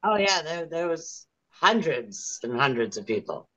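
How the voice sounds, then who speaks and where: A woman's voice: deep voice, very animated, unhurried, bright, forceful tone, poor audio. A young woman giving an interview, telling her story in an earnest, aggrieved way. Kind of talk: casual interview.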